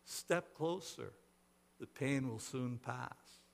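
Gentle reassuring stranger, soft measured voice, unhurried, a male preacher doing it. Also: mid-range voice, creaky. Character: calm, gentle male stranger bringing light.

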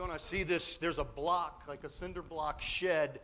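Animated male preacher telling a story. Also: high-pitched, normal speed, few pauses, a little hiss or hum. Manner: animated storyteller, acts out quotes, grows loud and excited. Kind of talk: storytelling sermon.

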